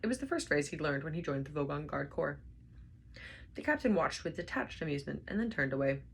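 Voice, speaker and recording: A woman reading a novel aloud with expressive storybook narration. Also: deep voice, fairly quick, vocal fry, husky. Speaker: reader.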